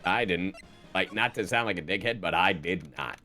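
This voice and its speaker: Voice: low voice, normal speed, pushed and bright, soft background music. A streamer casually joking and reading game dialogue. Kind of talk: playing a game with voiced dialogue.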